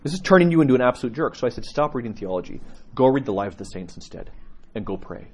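Husky, animated man teaching as priest. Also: quick pace. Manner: animated storytelling with lively pitch, chuckling. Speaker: Orthodox priest. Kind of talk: catechism class Q&A.

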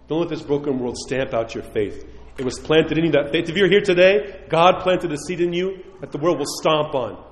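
Earnest priest preaching in an echoey church. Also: male voice, a little high. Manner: earnest storytelling with rising emphasis and hushed endings. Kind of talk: sermon.

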